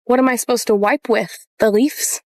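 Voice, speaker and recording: A woman's voice: a little high, steady tone, moderate pace, no room sound, clean studio sound. A woman in a comedy skit, prissy and exasperated.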